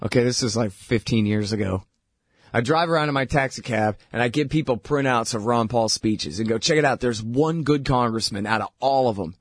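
A man hosting a talk show, giving a sarcastic, animated political monologue that is full of mocking impressions. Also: brisk, no echo, clean studio sound. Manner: animated, rising pitch when exasperated. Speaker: radio host.

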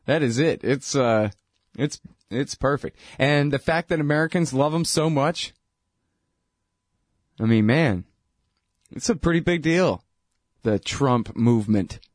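Brief: sardonic man, mid pitch, dry close sound, casual political rant. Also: measured pace, long pauses, no echo. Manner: irreverent, sardonic, laughs at his own points; filler-heavy, says dude and man.

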